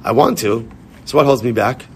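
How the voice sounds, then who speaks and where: A man giving an informal, animated Torah class in a synagogue, repeating his points and mixing in Hebrew and Yiddish terms. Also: medium pitch, normal speed, slight background noise. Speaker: rabbi.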